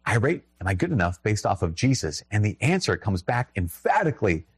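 A man with a husky, fairly low voice and a Minnesotan accent, preaching in a loose, chatty way. He keeps it emphatic and breaks into little laughs. The sound is dry and close. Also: very animated, a little fast, no echo. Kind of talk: sermon.

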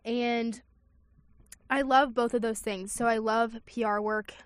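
A woman's voice: fairly high pitch, fairly even intonation, a little slow, clear, resonant tone, no room sound, studio quality. A young woman, a college student, co-hosting a campus radio show in an eager, upbeat way, with frequent ums. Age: young adult. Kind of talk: casual radio chat.

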